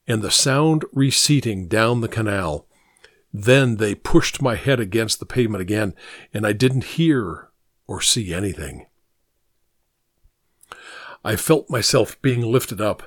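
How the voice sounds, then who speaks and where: A man narrating a scripted first-person story in a measured, reflective reading. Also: mid-range voice, dry recording, studio quality.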